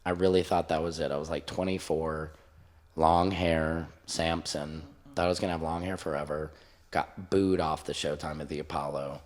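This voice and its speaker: A man's voice: very deep voice, normal speed. A middle-aged man hosting a podcast, telling stories in a casual, joking way with frequent swearing. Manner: animated storyteller, jokes and swears freely. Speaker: podcast host. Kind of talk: casual storytelling chat.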